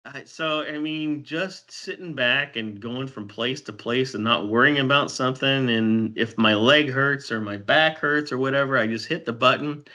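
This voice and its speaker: A middle-aged man co-hosting a podcast in casual chat, rambling and halting with restarts. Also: mid-range voice, sharp tone. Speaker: podcast co-host.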